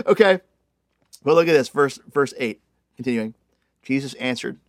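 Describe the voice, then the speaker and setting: A man preaching a sermon in a conversational, animated way, full of casual fillers. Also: medium pitch, normal speed, long pauses, dry recording, clean studio sound. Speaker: pastor.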